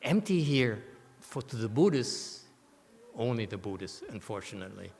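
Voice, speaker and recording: A man with a lowish, creaky, darkish voice gives a very animated Buddhist sutra commentary at a moderate pace, teasing his listeners playfully and often asking "okay?". He's in a temple lecture hall with long reverb, and a slight hiss or hum is audible.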